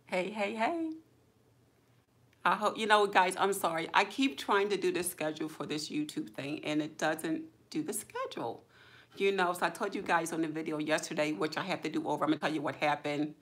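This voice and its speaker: A woman with a fairly low voice hosts a relaxed livestream chat. She talks in an easygoing, drawling way. Now and then she jumps up in pitch to greet viewers by name. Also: a little fast. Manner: chatty, greets viewers by name with excited high exclamations; relaxed, drawling, informal speech. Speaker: YouTube livestream host.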